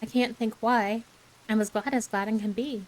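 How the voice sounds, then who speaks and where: A woman voicing an eager, dreamy orphan girl who pleads and gushes, in a soft ASMR bedtime story reading. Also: a little high, fairly even intonation, moderate pace, natural voice, poor audio. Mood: pleading. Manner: breathless, pleading, gushing.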